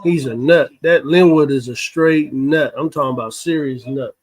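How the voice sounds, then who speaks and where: A man on a casual call-in panel, telling stories in a slangy, animated way. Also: mid-range voice, normal speed, no echo.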